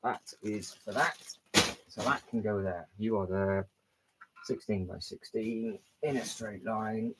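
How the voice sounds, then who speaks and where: Low-voiced man chatting on a livestream. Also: slow, background noise. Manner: rambling, thinking aloud, frequent restarts and fillers. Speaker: livestream host. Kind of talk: casual live-stream chat while building.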